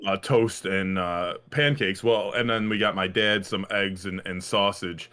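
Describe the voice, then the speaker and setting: A man's voice: sits low, unhurried, bright, forceful tone, clean tone. A man co-hosting a podcast in casual chat, rambling and swearing with lots of fillers and restarts. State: a little winded. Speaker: podcast co-host.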